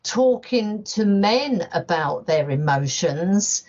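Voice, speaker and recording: A woman's voice: mid-range voice, expressive, takes it slowly, a little mellow. A woman hosting a podcast, asking questions in a curious, conversational way. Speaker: podcast host. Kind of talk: podcast interview. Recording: dull lo-fi sound.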